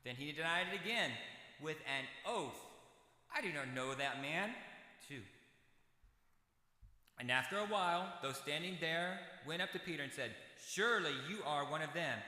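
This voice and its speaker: Bright-voiced American preacher in echoey church. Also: male voice, fairly high pitch, animated, measured pace, pauses often. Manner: conversational, folksy asides between readings. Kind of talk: sermon with scripture reading. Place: church sanctuary.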